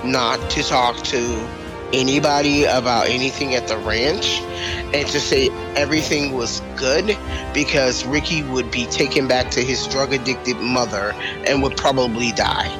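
Man recalling slowly over music. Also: medium pitch, fairly even intonation, poor audio. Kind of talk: recorded testimony clip. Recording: clip with clear music underneath.

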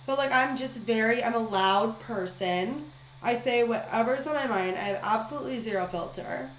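A woman's voice: on the high side, moderate pace. A young woman chatting casually as a podcast guest, blunt and full of "like" fillers. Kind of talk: casual chat. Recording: echoey room with faint noise.

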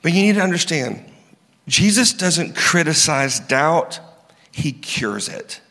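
A male pastor delivers a lively sermon in a fairly high, bright, pushing voice. He keeps it casual and acts out the people in his story as he goes. A long reverb trails his words through a large hall. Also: takes it slowly. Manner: conversational and animated, acting out the people in the story.

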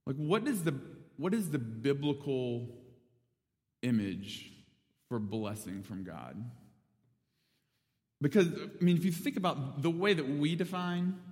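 A young man giving a sermon, telling a story with lively acted-out quotes before turning to scripture. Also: fairly high pitch, takes it slowly, pauses often. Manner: animated storyteller, acts out quotes. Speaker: preacher. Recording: long reverb of a big hall.

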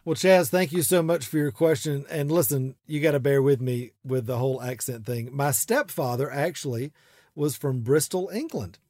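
A man's voice: mid-range voice, normal speed, a little mellow, no room sound. Chatty male podcast host, dry sound. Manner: chatty, lots of fillers and restarts. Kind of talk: casual podcast talk.

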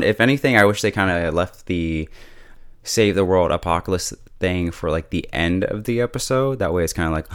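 Low-voiced chatty man recapping a show. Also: moderate pace, clean tone, dry recording, clean studio sound. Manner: relaxed, chatty, laughs often, heavy use of "like" and "yo". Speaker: TV show reviewer. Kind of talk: casual episode recap and review.

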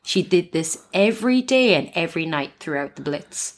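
A woman's voice: lowish voice, expressive, moderate pace. A woman co-hosting a casual history podcast, telling the story with giggles and frequent apologies. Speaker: podcast co-host.

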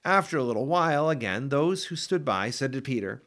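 A man reading scripture aloud for a daily Bible podcast, with an expressive, dramatic delivery. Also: medium pitch, brisk. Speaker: Bible reader.

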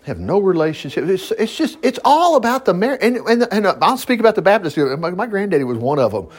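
Animated folksy preacher. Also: male voice, high voice, slightly rough. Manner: folksy, animated, quick to laugh and digress. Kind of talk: informal Bible teaching.

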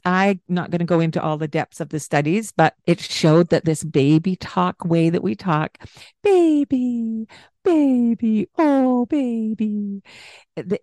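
Slow, warm-toned woman host, breaks into sing-song baby talk for examples; dry close mic. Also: on the low side, no room sound. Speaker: parenting podcast host. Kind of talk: casual explanatory chat.

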